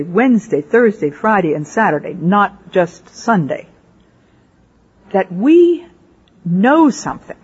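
An older woman preaches a personal testimony and tells stories from her missionary life, putting rhetorical questions to her listeners. Her voice is husky and sits at a middle pitch. The recording is dull and lo-fi. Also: darkish tone. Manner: storytelling with rhetorical questions to the audience. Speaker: missionary speaker.

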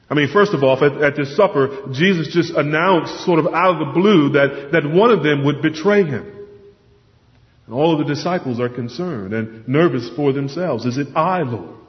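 A man preaching a sermon, earnest and emphatic, often repeating words as he stresses a point. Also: fairly high pitch. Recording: dull lo-fi sound with long hall reverb.

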